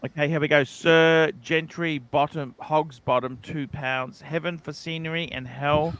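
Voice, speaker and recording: Aussie man, bright forceful voice, livestream host reading super chats, casual and swearing. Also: on the high side, fairly even intonation, a little slow, smooth. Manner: reads donor comments aloud, swears casually.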